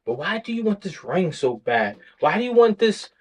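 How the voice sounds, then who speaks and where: A man's voice: high voice, very animated, moderate pace, husky, rough recording. A man co-hosting a casual podcast chat, talking bluntly and profanely with lots of animation. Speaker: podcast co-host.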